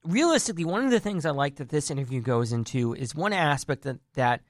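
A man's voice: fairly high pitch, animated, fairly quick, dry recording, studio quality. Earnest man rambling about wrestling. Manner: earnest, rambling, frequent restarts. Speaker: wrestling commentary vlogger. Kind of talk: casual wrestling news talk.

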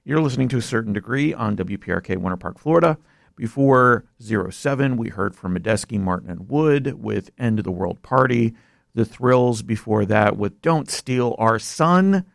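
A man's voice: medium pitch, animated, normal speed, vocal fry, no echo. A young man hosting a college radio show from a studio, chatting casually and rambling with fillers and apologies. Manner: rambling, self-deprecating, lots of fillers. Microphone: studio mic.

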